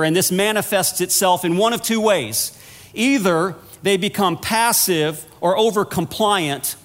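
A man with a notably high voice delivers a sermon, earnest and conversational like a storyteller. His words ring out with a long reverb from the church hall around him. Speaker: minister of pastoral care.

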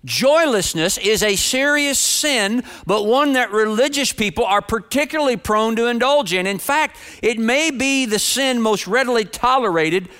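Bright, high-voiced man preaching. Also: lively intonation, normal speed, few pauses, clean tone. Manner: earnest, direct, repeats phrases for emphasis. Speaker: pastor. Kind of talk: sermon to a congregation.

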